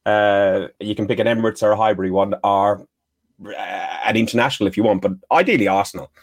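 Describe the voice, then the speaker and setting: Host, man, lowish voice, dry close sound, relaxed questioner. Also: fairly quick, no room sound. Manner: relaxed, asks guests questions. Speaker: podcast host. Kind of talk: casual football chat.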